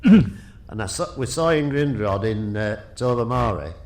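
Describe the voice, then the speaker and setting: A man's voice: medium pitch, unhurried. Older man, podcast guest, chatty storyteller who laughs easily. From Yorkshire. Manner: lively storyteller who laughs often and restarts sentences. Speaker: guest, retired rally driver. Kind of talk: casual anecdotal storytelling.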